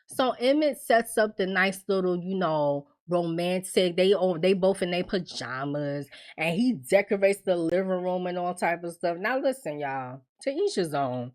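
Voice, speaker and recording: A woman casually recapping a TV episode, profane and laughing often, acting out characters' lines in quick impressions. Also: on the low side, lively intonation. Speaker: TV recap host.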